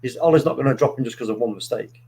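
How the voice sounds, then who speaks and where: A man's voice: medium pitch, racing, mellow, a little hiss or hum. Male fan panelist, casual rambling football chat over a call, matey tone. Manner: rambling, restarts and fillers, matey slang.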